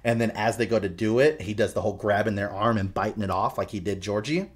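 A man co-hosting a podcast, telling a story in animated, profane casual chat. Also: fairly low pitch, fast talker. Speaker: podcast co-host.

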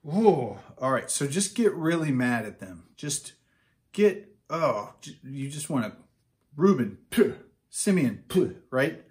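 Animated conversational male preacher. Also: mid-range voice, takes it slowly. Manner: conversational and animated, with restarts and scripture read aloud. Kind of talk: casual sermon.

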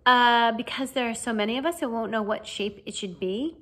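A woman's voice: fairly high pitch, fairly quick, sharp tone. A young schoolboy, read by a woman in a storybook reading. He answers a teacher's question tentatively, as if asking it back. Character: young schoolboy, unsure in class. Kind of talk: fan audiobook reading.

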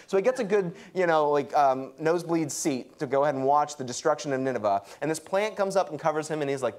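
Guy preaching, young, kinda high voice, acts out the quotes all animated. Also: fast talker, few pauses. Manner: lively, acts out quotes with pitch jumps. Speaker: pastor. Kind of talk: sermon.

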